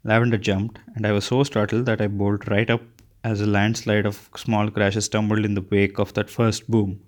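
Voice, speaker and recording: Low-voiced man reading a novel. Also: little pitch movement, moderate pace. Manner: unpolished reading with frequent restarts. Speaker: audiobook reader. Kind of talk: first-person novel reading.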